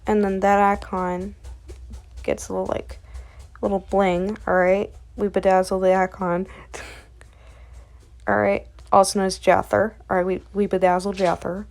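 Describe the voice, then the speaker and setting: A woman's voice: mid-range voice, flat delivery, measured pace, pauses often, a little mellow. A woman talks through a comic's plot casually, rambling and chatty. She fills gaps with fillers and keeps checking in with the listener. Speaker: comic recap creator.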